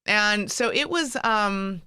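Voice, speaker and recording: A woman's voice: medium pitch, takes it slowly, pushed and bright, smooth, dry recording, clean studio sound. A middle-aged American woman telling stories as a guest in a casual chat, acting out the people she quotes. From United States. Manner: storytelling, acts out quoted voices.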